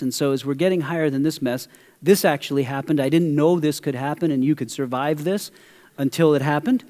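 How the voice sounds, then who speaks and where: A middle-aged man preaching from the pulpit, moving between teaching and an animated personal story. His voice sits somewhat high, and a long hall reverb trails every phrase. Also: brisk. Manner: animated, acts out a story with quoted voices and audience questions. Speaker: pastor. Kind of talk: sermon with storytelling.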